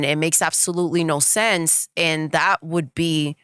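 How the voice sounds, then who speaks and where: A woman co-host in a casual gaming podcast, opinionated and animated. Her voice sits low but sounds bright and smooth. The recording is dry and close. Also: a little slow, dry recording. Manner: animated, opinionated, many fillers. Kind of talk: casual gaming news chat.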